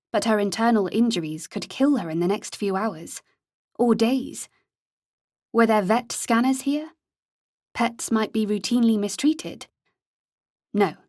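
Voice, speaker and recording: Steady and measured, a female narrator tells a scripted audiobook story in a medium-pitched voice. The recording is dry and of studio quality.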